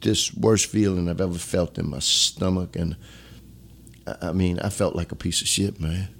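Mężczyzna w średnim wieku z akcentem z Luizjany, z bardzo niskim głosem, opowiada szczerze i z namysłem w wywiadzie. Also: male voice, steady tone, normal speed, vocal fry. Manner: earnest, reflective, drops to a low hush when emotional. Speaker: former police chief, guest. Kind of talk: candid storytelling interview.

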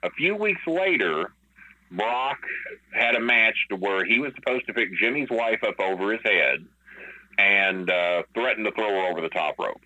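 A man's voice: on the low side, lively intonation, moderate pace, pushed and bright, dull audio. A man telling a long story as a podcast guest, rambling and profane, with many fillers. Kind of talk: casual storytelling.

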